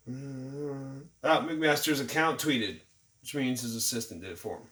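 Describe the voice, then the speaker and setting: A man's voice: medium pitch, normal speed, fairly bright tone. A man, ranting about the news in a mocking, irritated vlog with jokey asides. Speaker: vlogger. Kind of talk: sarcastic news commentary rant. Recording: roomy, distant from the mic.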